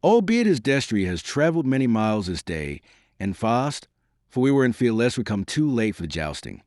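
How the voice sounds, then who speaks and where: A man voicing a swaggering Breton squire and herald who speaks with a hoarse, thick voice and a Breton accent. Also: medium pitch, very animated, a little mellow, no echo, studio quality, close to an everyday voice. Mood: bold. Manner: bold, earnest, quick-spoken.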